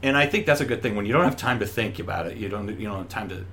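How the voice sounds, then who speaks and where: A middle-aged Broadway actor, appearing as a guest in a casual interview chat, tells stories animatedly and acts out the voices of the people in them with big pitch jumps. He speaks rapid-fire, and there's a little hiss or hum in the audio.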